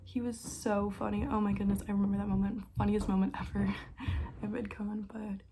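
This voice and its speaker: A young woman vlogger telling stories in a casual, excitable way, with quick bursts and frequent laughs. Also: mid-range voice, a little hiss or hum. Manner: excitable, fast bursts, lots of likes and laughs. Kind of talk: casual storytime chat.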